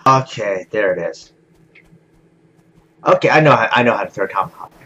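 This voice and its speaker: A young man calmly commenting on his own gameplay, talking to himself with many "okay"s. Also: on the low side, normal speed, husky, dull audio. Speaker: gaming video host. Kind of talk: let's play commentary.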